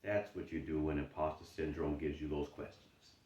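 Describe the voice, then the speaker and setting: A man coaching on self-improvement in a monologue, animated, sometimes mocking his own doubts in a higher voice. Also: moderate pace. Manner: animated, acts out inner doubting voice in high mocking tones. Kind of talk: explanatory monologue. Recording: dull roomy sound from mic at a distance.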